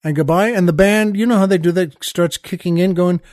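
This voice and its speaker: High-voiced man telling a lively story. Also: fairly quick, no echo, studio quality. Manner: animated, acts out quoted voices, shifts between hushed and loud. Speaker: comedian telling a backstage story. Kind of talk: storytelling anecdote.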